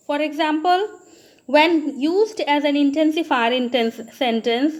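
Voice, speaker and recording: A woman teacher with an Indian English accent giving a grammar lesson, often addressing the students and asking, then answering, her own questions. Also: sits high. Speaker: school teacher.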